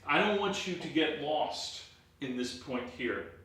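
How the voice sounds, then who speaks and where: Pastor guy teaching bible study, fairly high voice, keeps asking the room questions, sounds far off and super echoey. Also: lively intonation, a little slow, creaky, sharp tone. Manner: emphatic, asks the listeners rhetorical questions. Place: church.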